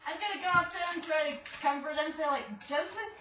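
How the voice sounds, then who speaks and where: Woman player, high voice, casual, far from the mic, very echoey, noisy. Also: steady tone, fast. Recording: very echoey, dull, distant mic with noise.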